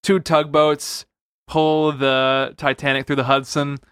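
Male podcast co-host, smooth clear mid voice, easygoing and quick to laugh, dry close mic. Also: on the high side, little pitch movement, fairly bright tone, dry recording. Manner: laid-back, laughs often while talking. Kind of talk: casual chat recapping a movie.

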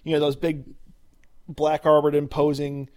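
Man, podcast co-host, slightly high and monotone, casual plot recap. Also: measured pace. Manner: recaps plot at length with fillers and restarts. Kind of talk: casual chat.

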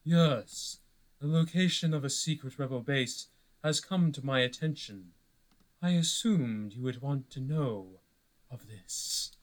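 Cold villain put on by a man, quiet, seductive, near-monotone, slightly off-mic. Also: medium pitch, a little slow, natural voice. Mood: cold, scheming. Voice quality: soft, seductive, almost monotone.

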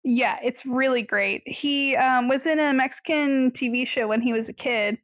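A woman's voice: high voice, moderate pace, no echo, highs cut off. A woman chatting casually as a podcast co-host, giggly and full of fillers. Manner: giggly, with lots of fillers and playful put-on voices. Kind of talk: casual chat.

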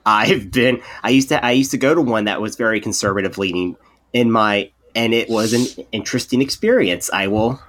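A man's voice: on the low side, fairly quick. A man co-hosting a podcast in casual chat, rambling with many restarts and acting out the people in his stories. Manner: animated storyteller, acts out quoted people. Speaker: podcast co-host.

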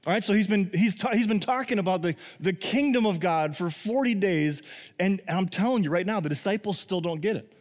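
Male pastor, young adult, sermon, slightly high voice, animated and joking, long hall reverb. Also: fairly quick. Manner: animated, laughs and jokes, acts out scenes.

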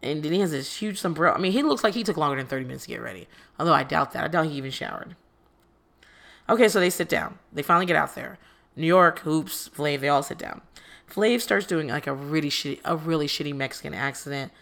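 A woman with a slightly low voice talks through a reality show recap. She is sarcastic and swears freely, breaking into exasperated rants. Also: expressive, fast talker, gravelly, a bit bright. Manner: sarcastic, profane, exasperated asides. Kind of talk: casual recap commentary.

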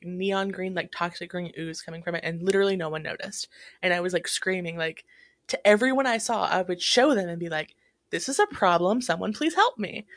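A woman's voice: fairly low pitch, no echo, clean studio sound. A woman talking in a casual, reflective way, with many fillers and restarts. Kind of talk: casual chat.

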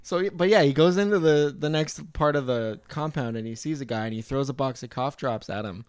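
A man co-hosting a casual podcast, retelling film scenes with lively quoted lines. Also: medium pitch, fairly quick, smooth, dry recording. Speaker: podcast co-host. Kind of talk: casual chat.

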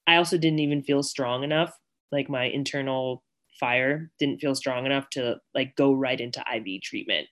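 A woman's voice: very deep voice, normal speed, fairly bright tone. Chatty young woman telling a story. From Connecticut and Virginia, US. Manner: chatty, many fillers, acts out quoted voices. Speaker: guest. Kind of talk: casual storytelling interview.

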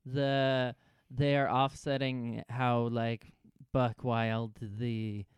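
A man talking through a TV show on a podcast, tossing in jokey mock lines and then laying out his views at length. His voice is smooth and clear, recorded dry and close. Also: medium pitch, little pitch movement, drawn-out words, no echo. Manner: chimes in with jokey mock lines, then explains points thoughtfully. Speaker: podcast co-host. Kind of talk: casual chat about a TV show.

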